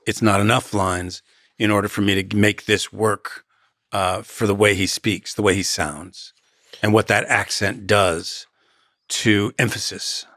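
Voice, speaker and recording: Low gravelly man telling stories. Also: fairly bright tone, no room sound, clean studio sound. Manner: measured, halting, with dramatic pauses and quoted asides. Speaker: podcast guest, actor. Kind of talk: reflective interview storytelling.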